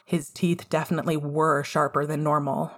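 A woman reads a fan fiction story aloud, her voice low-pitched and husky. She tells it in an expressive, measured storytelling manner. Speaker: narrator. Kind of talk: fan fiction audiobook reading.

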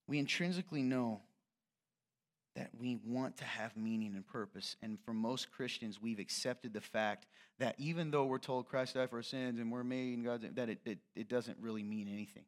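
A man's voice: medium pitch, normal speed. A man preaching a casual sermon as pastor, talking straight to his congregation with rambling, self-deprecating asides.

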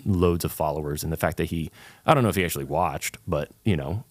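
Earnest young man with a very low voice. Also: fast talker, no echo. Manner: earnest, rambling with many fillers and restarts. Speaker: guest, worship leader. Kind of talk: casual interview chat.

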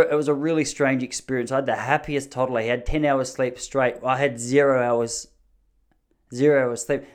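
A man in his thirties telling rambling, joking stories in a casual monologue, often mocking himself. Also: mid-range voice.

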